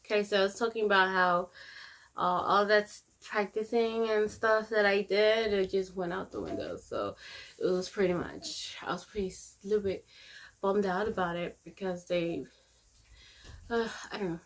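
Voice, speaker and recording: A young woman vlogging at home, telling a personal story in a rambling, halting way with lots of fillers and restarts. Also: medium pitch. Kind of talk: casual storytelling to camera.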